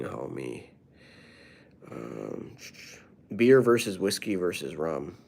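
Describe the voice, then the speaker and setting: A male comedian chatting casually with viewers on a live stream, playful and riffing in quick rhymes. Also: low-pitched, creaky, slight background noise.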